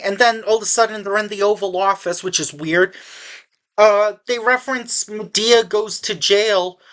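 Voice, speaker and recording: A woman's voice: mid-range voice, a bit bright. A woman giving a casual spoken movie review, sarcastic and exasperated, rambling with frequent restarts.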